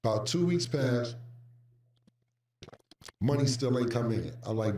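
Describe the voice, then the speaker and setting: Animated man telling stories in a roomy space. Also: medium pitch, a little slow, long pauses. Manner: animated, acts out quoted voices, profane slang. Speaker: storyteller recounting music business past. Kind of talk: casual anecdote telling. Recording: roomy, distant mic.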